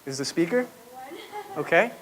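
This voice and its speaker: A man with a high voice speaks from a podium to a room full of listeners. He tells his own story in a reflective way and turns to the audience with questions now and then. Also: expressive, moderate pace, a bit bright. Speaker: public speaker. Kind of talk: personal testimony talk to a live audience.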